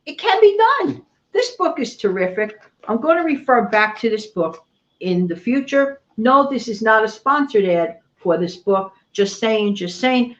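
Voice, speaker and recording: A woman's voice: a little high, a bit bright. A woman hosting her own live channel, reading a recipe and chatting with viewers, greeting them by name and often repeating herself. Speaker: channel host. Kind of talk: casual livestream chat and recipe reading. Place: home, New York area. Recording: dull lo-fi livestream audio.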